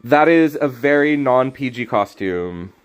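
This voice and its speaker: A man streaming a card game, chatting casually with his viewers, teasing them and breaking into loud, sudden reactions. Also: medium pitch, expressive, takes it slowly, clean tone. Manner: casual, teasing banter with chat. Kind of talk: live game stream commentary.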